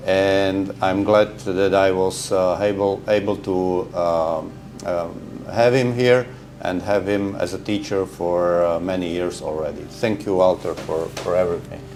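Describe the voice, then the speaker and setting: Low-voiced hesitant man host. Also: fairly even intonation, measured pace, darkish tone, faint music behind. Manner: hesitant, filler-heavy. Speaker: channel host. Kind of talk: casual wrap-up.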